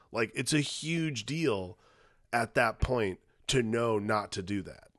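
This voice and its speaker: A man's voice: medium pitch, unhurried, fairly bright tone, dry recording, studio quality. A man co-hosting a movie podcast, talking casually and emphatically, repeating himself and swearing as he argues his point. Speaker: podcast co-host. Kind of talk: casual movie-review chat.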